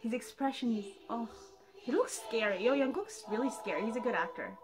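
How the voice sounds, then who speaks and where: A woman's voice: fairly high pitch, a little fast. A young woman reacting to music video trailers, gushing and swearing, with sudden shrieks between muttered asides. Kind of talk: excited reaction commentary.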